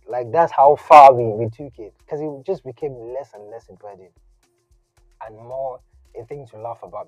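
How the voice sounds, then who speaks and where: A man giving a casual, conversational sermon, animated and slangy in his asides. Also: mid-range voice, no room sound. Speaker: preacher. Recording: dull lo-fi audio, faint music.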